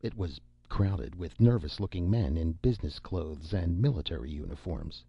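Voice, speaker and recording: Male audiobook narrator, gravelly low voice, dry and a bit dull lo-fi sound. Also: animated, moderate pace, dry recording. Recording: dull lo-fi recording.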